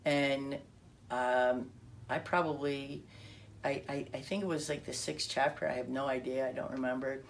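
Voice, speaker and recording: Low-voiced woman telling her story. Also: normal speed, creaky, a little hiss or hum. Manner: animated storytelling with quoted dialogue and self-interrupting restarts. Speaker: speaker telling her testimony. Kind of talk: personal testimony storytelling.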